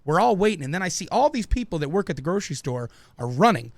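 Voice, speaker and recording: Fast, animated man spinning a tall tale. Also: sits high, no echo. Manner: animated, builds a tall tale with rising excitement. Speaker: podcast co-host. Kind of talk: casual comedic storytelling.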